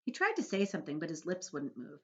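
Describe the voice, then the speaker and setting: A woman's voice: deep voice, fast, dull audio. A woman teacher reading a children's book aloud to her class, telling it expressively. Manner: expressive storytelling.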